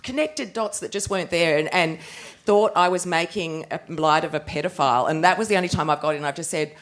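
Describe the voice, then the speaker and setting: An Australian woman cartoonist telling stories on a discussion panel, rambling and animated with many restarts. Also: sits low, a little fast.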